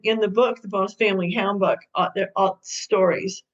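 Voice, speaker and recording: A woman guest who works as a co-parenting mediator tells stories in an interview, acting out the people in them with lively, hesitant speech. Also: mid-range voice, normal speed. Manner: lively storyteller who acts out quoted people. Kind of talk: storytelling interview answers. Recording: dull lo-fi sound.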